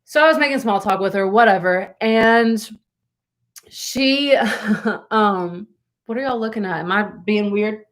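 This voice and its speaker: A woman's voice: mid-range voice, a little slow. A young woman vlogger telling a rambling story to her viewers with lots of asides and laughter.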